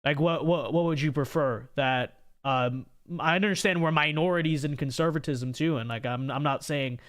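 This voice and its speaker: Young male livestream host, pitched a bit high, rambling and repetitive commentary style. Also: moderate pace, fairly bright tone, clean tone. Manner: rambling, repeats words while thinking aloud; reads viewer super chats aloud.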